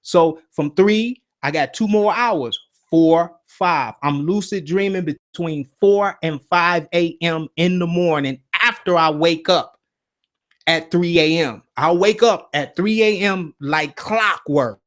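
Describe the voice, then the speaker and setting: A man hosting a casual spiritual talk, telling stories in an animated way and often checking in with "right?" and "you see?". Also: fairly high pitch, takes it slowly. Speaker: host.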